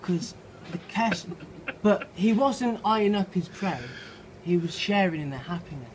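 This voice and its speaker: A slightly drunk man reading his own story aloud outside a pub, halting and playful, with restarts and swearing. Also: sits high, expressive. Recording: noisy outdoor pub ambience.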